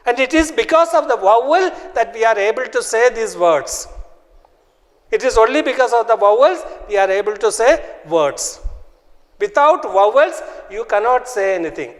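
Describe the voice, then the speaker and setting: A man teaching a phonics lesson, repeating sounds and example words slowly and with care. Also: very high-pitched, animated, in a large hall. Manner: slow, repetitive, drills words aloud. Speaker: English teacher.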